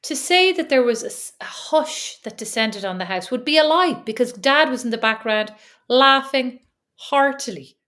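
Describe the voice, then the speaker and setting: A middle-aged Irish woman co-hosting a podcast, teasing her sister and telling family stories in an animated way. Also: sits high, moderate pace. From Ireland. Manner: teasing, animated storyteller doing family voices. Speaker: podcast co-host. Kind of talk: casual chat.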